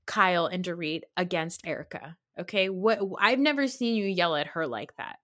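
A woman with a slightly low-pitched voice hosts a casual podcast. She recaps reality TV with sarcastic, opinionated commentary and animated storytelling. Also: moderate pace. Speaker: podcast host.

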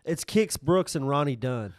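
A man in a casual chat, agreeing often and adding his own quick comments. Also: mid-range voice, lively intonation, no echo, studio quality. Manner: agreeable, lots of "yeah, yeah" backing. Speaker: podcast co-host.

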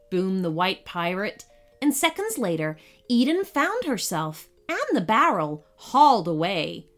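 A woman narrating a children's story in a slow, expressive, animated reading voice. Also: medium pitch. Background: faint music.

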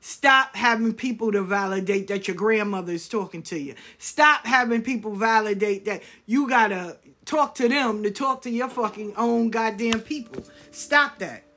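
A woman's voice: on the high side, normal speed, hardly any pauses, bright, forceful tone. A woman who reads spiritual cards, ranting to her viewers in a blunt, profane, emphatic way. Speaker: spiritual card reader. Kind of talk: casual rant to viewers.

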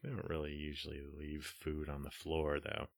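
A man's voice: extremely low pitch, completely flat delivery, moderate pace, vocal fry. A man co-hosting a casual chat podcast, laid-back and dry, with short replies. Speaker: podcast co-host.

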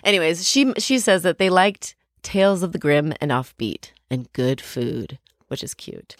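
A woman's voice: on the low side, no room sound, clean studio sound. A woman in her thirties co-hosting a podcast, retelling a story in gushing, casual chat full of "like". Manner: chatty, gushing, lots of "like" fillers. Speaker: podcast co-host.

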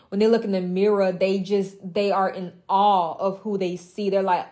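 A young woman with a mellow, dark-toned voice delivers an impassioned motivational monologue to other women. She talks emphatically and repetitively, blunt and profane, slipping into mocking asides. Her pitch sits in an ordinary middle range. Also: flat delivery, normal speed, hardly any pauses. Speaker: women's mentor.

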